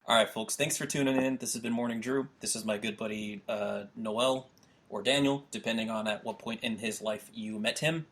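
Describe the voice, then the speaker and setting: A young man hosts a laid-back podcast with a husky, slightly breathy voice. He reads out his own jokes and keeps chuckling through them. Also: on the low side, fairly even intonation, moderate pace, fairly bright tone. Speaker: podcast host. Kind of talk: casual podcast chat.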